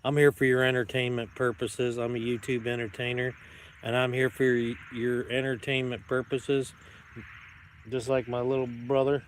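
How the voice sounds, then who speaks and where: The recording carries a little hiss or hum as a man with a mid-range, fairly flat voice talks at a moderate pace. He's a YouTube vlogger outdoors at dusk among dogs, joking casually to the camera like a playful, rambling showman.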